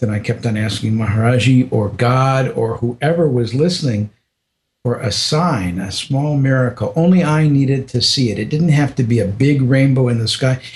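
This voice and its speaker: An older man from the United States, appearing as a podcast guest, tells a personal story in a reflective, unhurried way. His voice is mid-range with a darkish tone, and he often restarts and gives small laughs.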